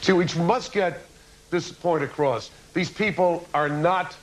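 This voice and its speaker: A man's voice: fairly high pitch, measured pace, low-quality recording. A man giving an impassioned, lecturing speech as a guest on a television talk show, full of rhetorical questions. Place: TV studio with audience.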